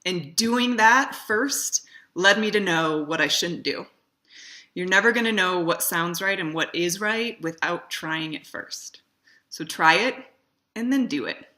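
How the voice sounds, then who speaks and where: Bright-voiced woman giving video advice. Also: lowish voice, measured pace. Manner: conversational, stresses words for emphasis. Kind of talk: casual direct-to-camera talk.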